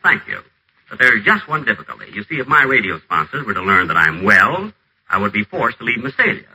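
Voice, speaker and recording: A man's voice: on the low side, sing-song, fairly quick, slightly rough, full character voice, poor audio. An actor playing a pompous, acid-tongued man who schemes from a wheelchair, in theatrical 1940s radio acting. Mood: scheming. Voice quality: sharp, theatrical, imperious delivery. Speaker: acerbic radio celebrity stuck in a wheelchair.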